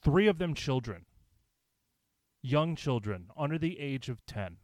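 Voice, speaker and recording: A man's voice: mid-range voice, very animated, a little slow, a little mellow, dry recording. A man vlogging, reading aloud and commenting in a blunt, profane, indignant way with sarcastic asides.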